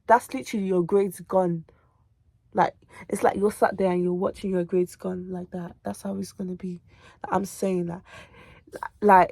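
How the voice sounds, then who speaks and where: A young woman in her late teens talks straight to camera from her bedroom, worn out from revising. Her voice sits fairly low and mellow. The sound is close and dry. She hammers points home by repeating them and calls her viewers "babes" and "girl". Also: no echo. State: tired from revision. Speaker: student vlogger. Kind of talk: casual direct-to-camera chat.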